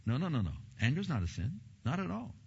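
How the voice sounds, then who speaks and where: A middle-aged male pastor preaching a sermon in an emphatic, repetitive style, with sudden loud bursts. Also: fairly high pitch, big pitch swings, fast talker, gravelly, breathy edge. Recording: muffled sound with long hall reverb.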